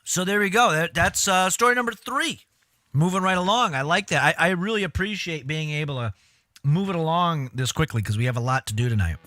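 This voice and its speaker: A man's voice: on the high side, lively intonation, fairly quick, pushed and bright, dry recording, studio quality. A man hosting a live stream, giving casual, crude, joking commentary with laughing asides.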